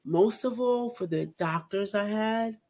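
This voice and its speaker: Woman host, mid-pitch, lively storyteller who laughs often and acts out voices. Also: measured pace. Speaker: podcast host. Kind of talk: casual interview chat.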